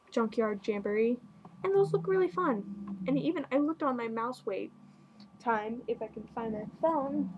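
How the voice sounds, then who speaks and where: A bubbly teenage girl talks excitedly in a casual podcast chat, gushing over her favorites with quick asides. Her voice sits a little high and comes out breathy. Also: rough recording. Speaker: podcast host.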